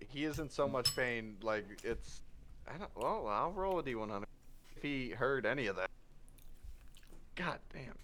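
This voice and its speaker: A male game master narrating a tabletop session in a casual, joking way. His voice is bright and forward, and he speaks at a slow, easy pace. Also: mid-range voice, lively intonation.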